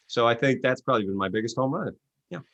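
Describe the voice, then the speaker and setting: Here a man talks fast on a lo-fi recording with no room sound. He's an author and coach, a guest in an interview, animatedly telling stories and performing quotes in voices that climb in pitch.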